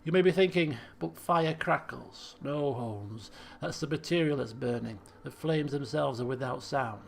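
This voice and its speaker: A man voicing a burnt-out former addict turned mystic in a video game, speaking slowly in a hushed, solemn tone. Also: medium pitch, vocal fry. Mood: solemn, dreamy.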